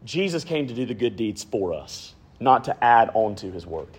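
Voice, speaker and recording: Husky-voiced man preaching a sermon. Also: medium pitch, very animated, moderate pace. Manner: preaching with wide swings from loud to hushed. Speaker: pastor.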